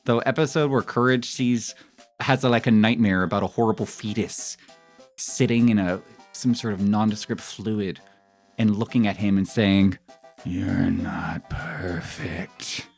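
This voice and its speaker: A man in his thirties chatting casually with his stream viewers in a rambling, animated way, often breaking into laughter. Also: on the low side, moderate pace, soft background music. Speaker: live streamer.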